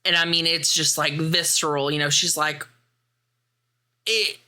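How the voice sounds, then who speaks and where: A woman hosting a podcast, retelling a film in a chatty, slangy way and quoting the characters in quick put-on voices. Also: deep voice, steady tone, bright, forceful tone. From Midwest United States. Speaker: podcast host. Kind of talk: casual movie recap commentary.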